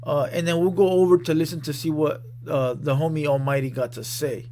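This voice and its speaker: Man, reaction host, casual commentary, blunt, profane, slightly high voice. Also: steady tone, fairly quick, warm tone, slight background noise. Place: studio room.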